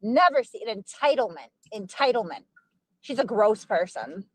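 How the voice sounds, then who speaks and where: A woman hosting a livestream, ranting with profanity and telling a story in a heated, animated way. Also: medium pitch, moderate pace, no echo, poor audio. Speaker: livestream host. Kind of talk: heated commentary chat.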